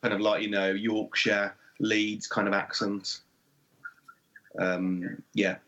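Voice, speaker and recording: A man's voice: fairly low pitch, little pitch movement, slow, sharp tone, muffled recording. A man with a Birmingham accent, chatting easily about making his film, with lots of fillers. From England. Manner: easygoing, explains with many fillers. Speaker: film director and writer, guest. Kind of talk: casual commentary chat.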